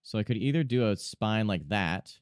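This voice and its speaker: A man's voice: fairly low pitch, lively intonation, normal speed, smooth, dry recording, clean studio sound. A young man streaming from home, chatting casually and self-mockingly to himself and his chat while he draws.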